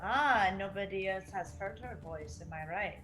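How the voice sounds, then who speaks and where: A woman's voice: medium pitch, a bit bright, soft background music. Curious female tabletop player. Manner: curious, quick questions. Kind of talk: casual tabletop game play.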